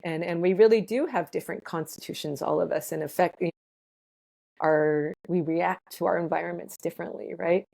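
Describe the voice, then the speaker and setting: A woman's voice: on the low side, fairly even intonation, moderate pace, vocal fry, dark tone. A woman guest in a casual interview, explaining ideas thoughtfully and laughing lightly between points. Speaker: ethnobotanist guest.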